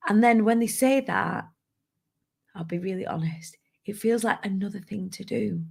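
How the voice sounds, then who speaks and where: A woman's voice: medium pitch, normal speed, creaky, slightly rough. A woman, a business owner and mum, talking candidly and rambling a little to her online community. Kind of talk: casual to-camera talk.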